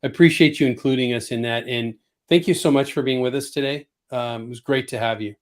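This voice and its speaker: A man's voice: medium pitch, fairly quick. A man hosting a business webcast in a friendly, casual way, often repeating words. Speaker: host.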